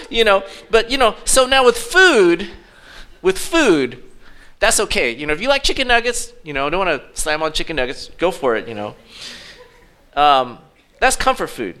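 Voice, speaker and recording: A middle-aged man, a pastor, preaching a sermon in a conversational, animated way with storytelling asides. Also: fairly high pitch, a little fast.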